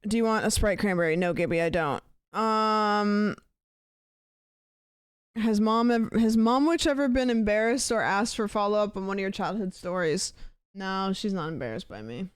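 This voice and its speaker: A young woman streaming a game, reading chat questions in a croaky, sleepy-sounding, tired voice, rambling and sarcastic with plenty of swearing. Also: medium pitch, moderate pace, dry recording, clean studio sound. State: tired voice, talking quietly.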